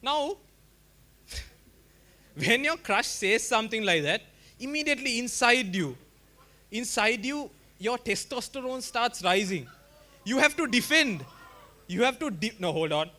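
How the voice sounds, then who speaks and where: A young male stand-up comedian tells a loose, rambling, self-mocking story, often turning to address the crowd directly. His very high voice is bright, forceful and expressive, with a measured pace and long pauses.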